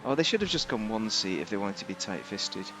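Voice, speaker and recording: A man's voice: lowish voice, sing-song, a little fast, noisy background. A man giving rambling, casual commentary on a game, thinking aloud with fillers and restarts. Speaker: game reviewer.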